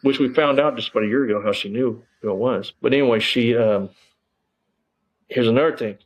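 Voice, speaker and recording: A man's voice: mid-range voice, fairly quick, lo-fi sound. A man, a former police officer telling his story in a casual interview, rambling with lots of fillers and frank swearing.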